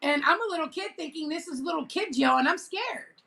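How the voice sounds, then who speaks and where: Woman vlogging, high bright voice, chatty and animated, acts out the quotes. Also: a little fast, creaky. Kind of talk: casual storytelling.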